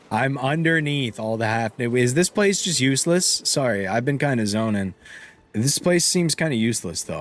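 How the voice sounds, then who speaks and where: Chatty young man streamer, lively pitch. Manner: rambling, chatty, laughs often, trails off mid-sentence. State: hiccups. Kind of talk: casual live-stream chat while gaming.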